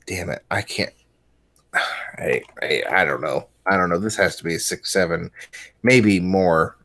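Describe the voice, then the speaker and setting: A man's voice: sits low, a little slow, pushed and bright. A man co-hosting a podcast in casual chat, joking crudely and stammering into his stories. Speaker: podcast co-host.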